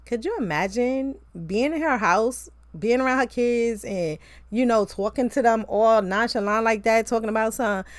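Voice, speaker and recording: A young woman casually recapping TV episodes as a reviewer, chatty and animated, with slangy asides. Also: on the high side, moderate pace, no room sound. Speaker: TV show reviewer.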